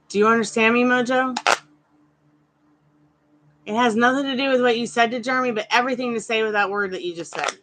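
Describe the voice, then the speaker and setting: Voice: medium pitch, brisk, pauses often, a bit bright, a little hiss or hum. A tarot reader hosting a live stream, chatting casually with viewers and addressing them by name, firm but polite.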